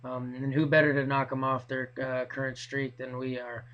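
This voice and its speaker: A hoarse man talking casually in a rambling, hesitant way as a hockey fan vlogger. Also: mid-range voice, completely flat delivery, moderate pace, a bit bright, highs cut off. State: hoarse from yelling. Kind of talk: casual video blog.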